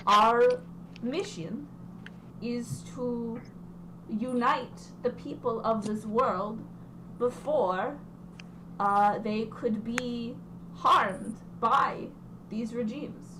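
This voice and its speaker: A woman voices a persuasive male revolutionary leader in a tabletop game. He talks slowly and formally in a put-on foreign accent, pausing often. The recording carries a clear hiss of background noise. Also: high voice, steady tone.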